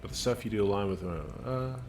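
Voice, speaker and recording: A man streaming a game, reading its text aloud and commenting in a relaxed, wry way. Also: fairly low pitch, a little fast, background noise.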